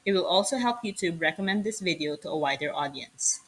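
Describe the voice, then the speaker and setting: A woman's voice: on the low side, expressive, a little fast, slightly rough, poor audio. A woman host giving scripted narration for a political commentary channel, sardonic and punchy.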